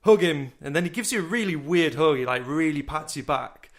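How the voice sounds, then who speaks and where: A young man co-hosts a casual podcast, with a fairly high, bright voice. He tells stories in a loose, rambling way and swears offhandedly. His voice comes across clear and lively. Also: fairly quick. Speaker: podcast co-host.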